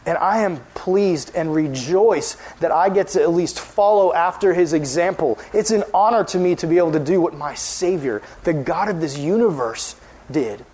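A young man preaching to a youth group in an earnest way, rising when he stresses a point and dropping low and soft when he appeals. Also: normal speed. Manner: earnest, rises in pitch when emphatic, drops soft on appeals. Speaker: youth pastor.

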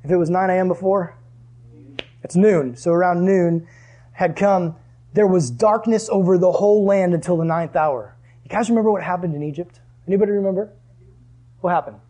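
A man preaching a sermon in a conversational way, asking the room questions and dropping to hushed tones for emphasis. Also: high-pitched, moderate pace.

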